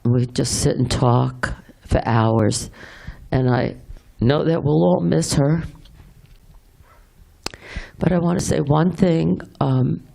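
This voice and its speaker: A middle-aged woman giving a heartfelt memorial speech for a friend, halting and tender, with many pauses and restarts. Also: deep voice, fairly even intonation, gravelly, dark tone.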